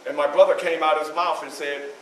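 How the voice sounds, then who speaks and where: A man's voice: on the high side, little pitch movement, quick pace, natural voice. A man playing a grave former slave. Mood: solemn. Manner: emphatic storytelling with dramatic repetition. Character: grown formerly enslaved man, earnest and grave. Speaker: historical reenactor. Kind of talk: theatrical first-person monologue. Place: library event room. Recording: echoey room from a distant camera.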